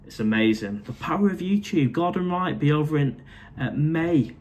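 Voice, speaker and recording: A man's voice: fairly high pitch, lively intonation, moderate pace, a little mellow. Chatty Mancunian man, middle-aged. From Manchester, England. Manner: chatty and matey, calls viewers mate. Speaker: live-stream host reading viewer comments. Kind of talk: casual live-stream chat. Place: condo indoors.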